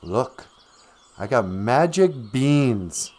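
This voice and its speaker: A man voicing a sly male goblin who lives under a bridge, smooth-talking like a salesman. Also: medium pitch, lively intonation, slow, a little mellow.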